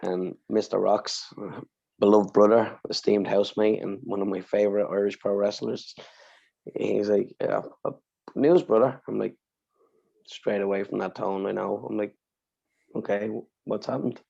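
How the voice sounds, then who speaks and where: Gravelly man telling a heartfelt story. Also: fairly low pitch, completely flat delivery, moderate pace, darkish tone, highs cut off. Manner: swears freely, tells stories with feeling. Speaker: podcast co-host. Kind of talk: emotional personal storytelling.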